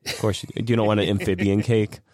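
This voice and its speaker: A man's voice: on the low side, little pitch movement, fast talker, darkish tone, dry recording, studio quality. A man hosting a podcast in casual chat, telling stories and laughing often. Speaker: podcast host.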